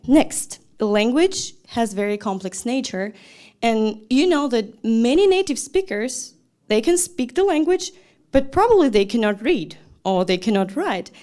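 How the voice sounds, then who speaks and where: A woman lectures on learning a language, in a voice of middle pitch. She talks straight to her listeners, asking questions and then answering them herself. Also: lively intonation, normal speed, darkish tone. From Russia. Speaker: language teacher. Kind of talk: lecture talk.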